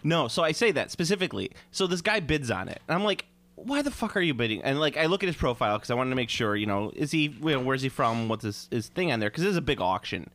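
Animated, crude-joking man. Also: medium pitch, quick pace, hardly any pauses. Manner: crude, mocking, storytelling. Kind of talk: casual chat.

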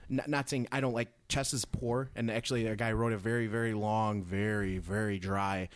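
A man's voice: fairly low pitch, fairly even intonation, moderate pace, dry recording. Dry-sounding man explaining game rules. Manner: explanatory, with many restarts. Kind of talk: casual chat about tabletop games.

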